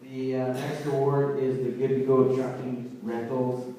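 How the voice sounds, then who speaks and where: A man's voice: medium pitch, level tone, unhurried, mellow. A man who is a hockey head coach, giving an unscripted awards banquet speech, rambling with fillers and restarts. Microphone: recorded from far off in the room. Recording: very echoey hall, distant mic, faint room noise.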